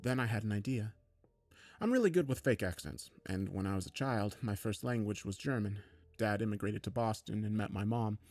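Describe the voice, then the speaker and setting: A man narrating a first-person horror story in a steady, low-key way. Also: normal speed, no echo, faint music behind.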